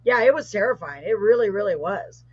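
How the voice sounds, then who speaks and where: A middle-aged woman, hosting a live show and telling a paranormal story in a casual, animated way, with rising excitement. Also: mid-range voice, fairly quick. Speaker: host. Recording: muffled lo-fi live stream audio.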